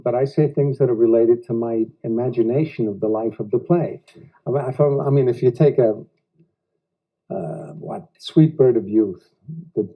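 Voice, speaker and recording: An American actor being interviewed at home, speaking reflectively in halting phrases with odd pauses. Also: male voice, medium pitch, breathy edge. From United States. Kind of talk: casual interview talk. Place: living room of a private house. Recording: dull lo-fi 1990s home video.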